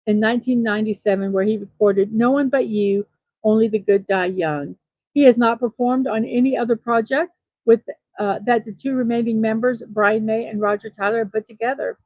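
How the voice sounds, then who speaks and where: A woman with a fairly high voice reads through her daily list of notes, stopping now and then for a brief personal aside. The sound is dry and close, with slightly dull, lo-fi audio. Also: no echo. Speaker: host of a daily morning show. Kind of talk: reading daily birthday and trivia notes.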